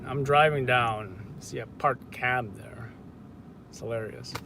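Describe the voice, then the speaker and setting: Rambling, joking man streaming from a car, phone mic, loud street noise. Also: mid-range voice, slow, creaky. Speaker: livestream host. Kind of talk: casual livestream chat.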